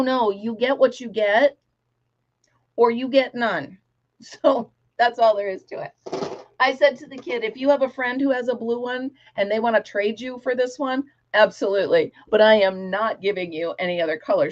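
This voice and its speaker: A woman's voice: mid-range voice, lo-fi sound. A middle-aged woman hosting a casual craft livestream, chatty, laughing often and breaking into bits of song. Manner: chatty, laughs often, sings snatches of songs.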